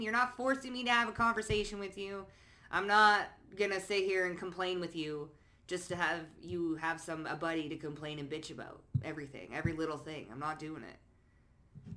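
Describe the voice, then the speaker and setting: A woman talks through a card reading in a loose, sassy way, sprinkling in curses and pet names. Her voice is bright and sharp. She drops into low asides, then bursts out loud and emphatic. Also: moderate pace. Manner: blunt, sassy, peppered with swearing and pet names. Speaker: psychic card reader. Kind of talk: casual spoken card reading.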